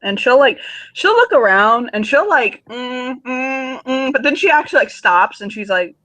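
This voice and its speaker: A woman playing a tabletop role-playing game, chatting in an animated, giggly and profane way. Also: high-pitched, moderate pace, no echo. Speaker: player. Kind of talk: casual tabletop game chat.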